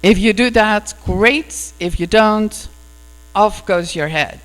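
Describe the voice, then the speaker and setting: A woman's voice: mid-range voice, takes it slowly, natural voice. A greedy, blunt king, as a woman voices him. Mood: threatening. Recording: echoey hall with mains hum.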